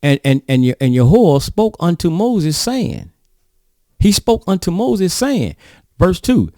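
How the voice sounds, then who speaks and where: A man's voice: high voice, sing-song, takes it slowly, warm tone, dry recording, studio quality. A man preaching, reading scripture aloud and commenting on it in a folksy way, often asking his listeners rhetorical questions. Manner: folksy, rhetorical questioning, addresses audience as y'all.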